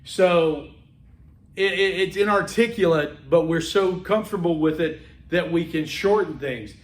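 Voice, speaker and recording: Male instructor lecturing in a classroom, conversational, high voice, echoey room. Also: a little slow. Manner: conversational, acts out dialogue, frequent okays. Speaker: college instructor. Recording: echoey room, mic far off.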